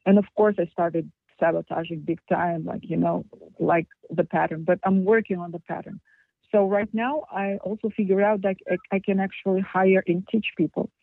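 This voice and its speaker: Fast, rambling woman on a tinny phone line. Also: fairly low pitch, fairly even intonation, vocal fry, no echo. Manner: rushed, rambling, self-critical. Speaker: coaching client. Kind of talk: call-in coaching session. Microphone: phone call.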